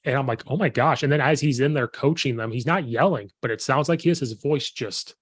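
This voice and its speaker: Casual podcast host: man, slightly hoarse, animated storyteller, dry close sound. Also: medium pitch, fairly quick, dry recording. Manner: animated storyteller, quotes himself, laughs often. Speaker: podcast host and football coach. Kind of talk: casual chat.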